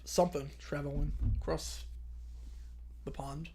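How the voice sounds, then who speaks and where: A man's voice: on the high side, little pitch movement, a little slow, noisy background. A young man hosting a live stream, chatting casually with viewers and answering their questions, rambling and correcting himself, drowsy and yawning.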